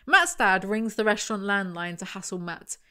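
A woman reviewing a novel out loud, reading passages and breaking in with sardonic, casually sweary commentary. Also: mid-range voice, animated, moderate pace, smooth. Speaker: book reviewer. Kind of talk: reading aloud with mocking commentary.

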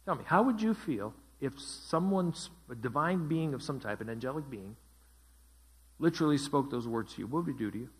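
A man's voice: medium pitch, expressive, a little fast, slightly rough. A man teaching a Bible study as pastor, asking his group questions and repeating their answers. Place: church.

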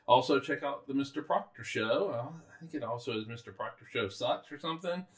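A man's voice: mid-range voice, expressive, a little fast. Man, casual podcast co-host, easygoing, lots of ums, roomy echo. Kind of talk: casual chat.

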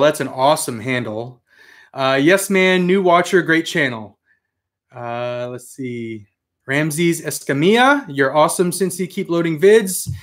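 A man hosting a casual live stream, reading out viewer comments with excitable, mildly profane chatter. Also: a little high. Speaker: host of a live toy and comics stream.

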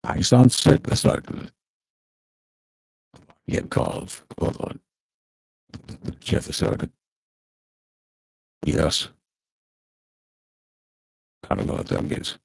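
A man's voice: wildly swooping pitch, drawn-out words, vocal fry, long pauses, darkish tone, slightly rough, no echo, full character voice. A man whose voice runs through a voice-changer filter while he tests his stream setup and asks if it sounds better. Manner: fiddling with his sound setup, asking if it works. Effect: voice-changer filter making the voice very deep.

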